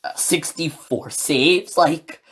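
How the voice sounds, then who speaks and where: A man hosting a solo podcast, talking in an excitable, rambling way full of filler words. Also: a little high, slow, breathy edge. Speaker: podcast host. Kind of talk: solo podcast commentary, casual.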